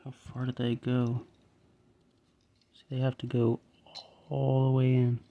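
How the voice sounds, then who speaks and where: A man's voice: mid-range voice, measured pace, phone-quality sound. A man with a light Southern accent, casually talking himself through assembling a toy model step by step. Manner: relaxed, talks himself through each step. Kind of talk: casual step-by-step building commentary.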